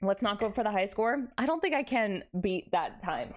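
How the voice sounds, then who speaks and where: Speaking at a normal speed with a medium-pitched voice, a young adult woman chats casually on her live stream. She's animated and playful, with dramatic exclamations.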